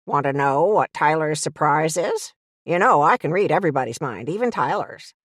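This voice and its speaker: A woman's voice: sits low, lively intonation, normal speed, no room sound, clean studio sound, voice pushed down. A woman playing a smug, bossy old witch aunt. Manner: taunting, sing-song, bossy.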